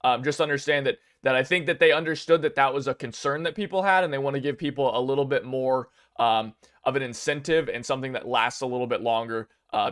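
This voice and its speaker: A young man giving casual commentary on game news, rambling and excitable, with many fillers and restarts. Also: mid-range voice. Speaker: gaming video creator.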